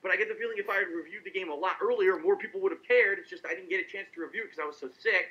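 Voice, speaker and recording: A man's voice: high voice, very fast, breathy edge. A man talking on a live stream as a game reviewer, rambling and restarting his sentences. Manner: rambling, talks over himself with restarts. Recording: lo-fi stream audio.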